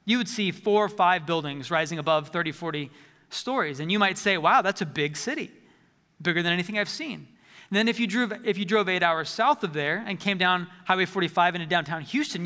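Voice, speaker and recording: A man's voice: high-pitched, bright, forceful tone, long reverb tail. A man preaching a sermon as a pastor, conversational, often repeating words as he restarts phrases.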